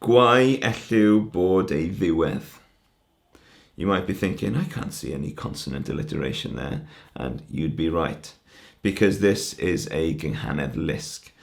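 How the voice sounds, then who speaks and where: A man's voice: extremely low pitch, normal speed, gravelly, few pauses. A man giving a conference talk that explains Welsh poetry, breaking words down patiently syllable by syllable. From Wales. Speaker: language teacher.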